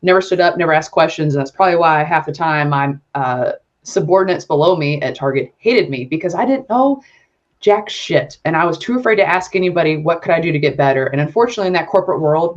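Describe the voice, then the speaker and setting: A woman's voice: deep voice, fast talker, lo-fi sound. A woman guest on a podcast, talking candidly and ramblingly with lots of fillers and casual swearing. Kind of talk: casual conversational interview.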